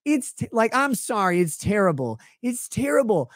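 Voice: medium pitch, big pitch swings, normal speed, dry recording. A commentator on a livestream show, ranting sarcastically and exasperatedly with plenty of swearing. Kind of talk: profane comedic rant.

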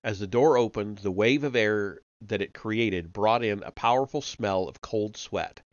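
A man reading a novel aloud live, measured, with occasional slips and self-corrections. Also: on the low side, no room sound, muffled recording. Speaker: reader of an online book series.

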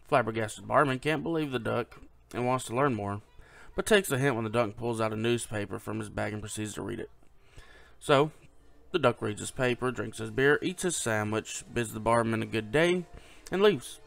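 A man's voice: mid-range voice, normal speed, vocal fry, fairly bright tone. A tired man short on sleep, telling a long joke in a laid-back, rambling way. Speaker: joke teller.

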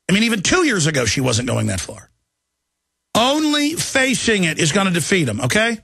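Gravelly, ranting man host. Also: sits high, big pitch swings, normal speed, no room sound, studio quality. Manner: agitated, ranting, mimics people in shouted voices. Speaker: radio talk show host. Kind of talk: heated political rant.

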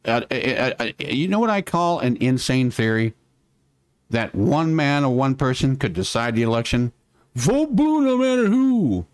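A man talks through a casual political live stream, drifting between muttered asides and sarcastic jabs with a fair amount of swearing. His voice sits at an ordinary middle pitch. The sound is dry and close, with no room around it. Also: animated, moderate pace, smooth, dry recording. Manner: rambling, sarcastic, mutters while working the computer, swears.

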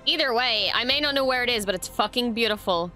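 A woman hosting a reaction video, excitably commenting, gushing and swearing freely. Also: fairly high pitch, fast talker, faint music behind.

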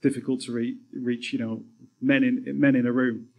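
A man's voice: medium pitch, little pitch movement, moderate pace, creaky, mellow. A man hosting a live on-stage interview, earnest and repeating words as he builds his thoughts. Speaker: podcast host, interviewer.

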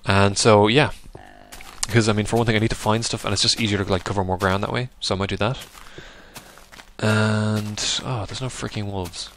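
Man, casual game commentary, somewhat low voice, faint hiss on the desk mic. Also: fairly even intonation, moderate pace. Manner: chatty, rambling, bursts into loud yelps at the game. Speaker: gaming video host. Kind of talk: casual let's-play commentary.

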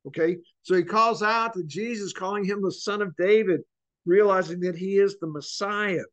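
A man with a notably high voice teaches a church Bible study class. He speaks earnestly, drawing words out and repeating them to drive a point home. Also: normal speed, a bit bright.

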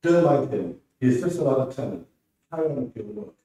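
Man doing a calm teasing confident man, slightly raised pitch, echoey hall. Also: brisk, a little hiss or hum, lightly acted. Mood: mocking. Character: calm mocking man who stays confident. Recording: roomy hall from far off.

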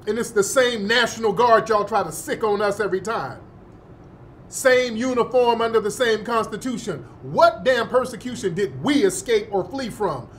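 A man's voice: high-pitched, lively intonation, normal speed, a little hiss or hum. A man hosting a show, giving heated, indignant commentary, cursing and repeating phrases for emphasis. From United States, born in the North, raised in the South. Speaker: host.

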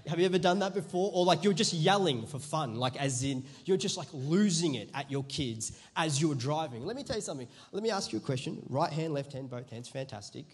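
A man preaching a sermon as pastor, chatty at first and then rising to loud, emphatic preaching. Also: a little high, lively intonation, fairly quick, few pauses, breathy edge. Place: church auditorium.

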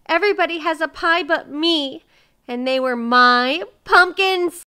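A woman's voice: on the high side, expressive, measured pace, a bit bright. A woman voicing a grumpy, tearful old hermit man who talks in a whiny, trembling way. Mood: wailing.

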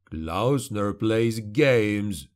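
A man voicing an angry, deep-voiced male village blacksmith who growls slowly and heavily. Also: animated. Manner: growling, slow and heavy.

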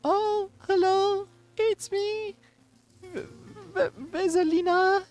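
Man in falsetto as a teasing young woman, high, stammering, slow, faint music. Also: fairly even intonation, a little mellow.

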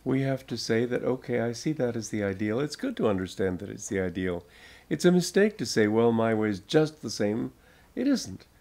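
A man's voice: medium pitch, sing-song, darkish tone. An older American man, a spiritual teacher, giving an informal talk to an audience, telling stories and laughing often as he goes. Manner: slow, chuckling storyteller.

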